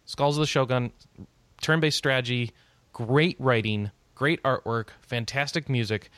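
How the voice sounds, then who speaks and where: A man's voice: mid-range voice, fairly bright tone, dry recording. Upbeat male podcast host, dry close sound. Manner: upbeat, enthusiastic, quick to joke. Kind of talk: casual chat.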